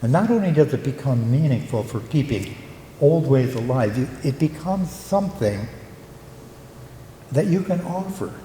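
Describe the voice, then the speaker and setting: An older man, a local historian and retired teacher, gives a reflective conference talk, pausing with fillers as he tells stories. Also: mid-range voice, expressive, warm tone. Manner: reflective storyteller, halting with fillers. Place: conference hall. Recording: echoey hall, faint room noise.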